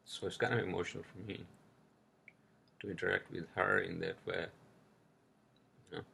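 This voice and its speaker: A man's voice: low voice, steady tone, moderate pace, gravelly, bright, forceful tone, breathy edge. A man hosting a solo podcast, talking in a rambling, profane way that turns heated. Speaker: podcast host. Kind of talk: casual solo podcast monologue.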